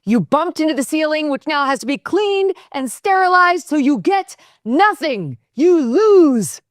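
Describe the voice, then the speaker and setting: A woman voicing an eccentric male candy maker from a film, reciting his indignant scolding in a shrill raised voice. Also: big pitch swings, a little slow, no echo, clean studio sound.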